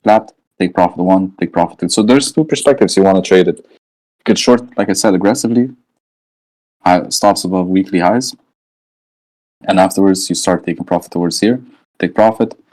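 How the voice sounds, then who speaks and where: A man's voice: deep voice, normal speed, pauses often, a little mellow, low-quality recording. A man walking through trading charts live in a casual, slangy way, thinking aloud and often checking in with "right?". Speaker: trading educator.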